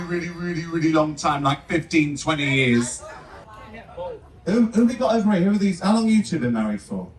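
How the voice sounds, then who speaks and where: A man's voice: high voice, a bit bright. A man, a cruise director, telling a comic story on stage to an audience. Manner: comic storyteller, quick punchlines. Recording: echoey venue, heard from far off.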